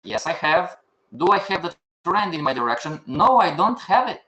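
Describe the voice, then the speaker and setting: Older man, trading instructor, bright forceful tone, echoey room, asks and answers his own questions. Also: high-pitched, very animated, normal speed, lo-fi sound. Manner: questions the class and answers himself. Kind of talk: live online class.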